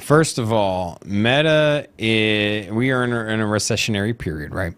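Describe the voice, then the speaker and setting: A man co-hosting a casual crypto news show, opinionated and expressive, often laughing along. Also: lowish voice, moderate pace, smooth. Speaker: co-host.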